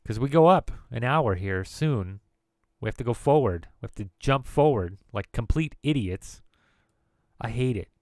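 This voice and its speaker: A man's voice: medium pitch, lively intonation, normal speed, darkish tone, no echo, clean studio sound. A man streaming from his computer at home, chatting casually and rambling into jokes and word games. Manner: rambling and jokey, riffing on words. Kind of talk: casual live-stream chat.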